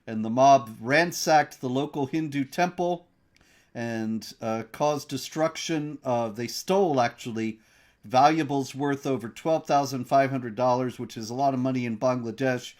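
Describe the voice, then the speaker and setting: A man hosting a news commentary discussion, laying out stories in a measured, reporting style with fillers. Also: medium pitch, a little mellow. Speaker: host.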